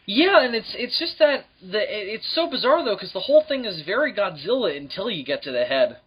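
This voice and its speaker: Male co-host, a bit high, husky, swears freely, lo-fi mic. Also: very animated. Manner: blunt, swearing, quick to mock. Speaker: podcast co-host. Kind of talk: casual podcast chat.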